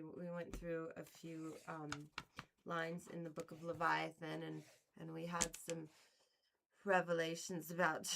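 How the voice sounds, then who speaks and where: A woman with a low, gravelly voice hosts a casual livestream over background noise. She talks to her chat playfully and theatrically, laughing often between lines, slipping into mock outrage and dropping into sudden whispers.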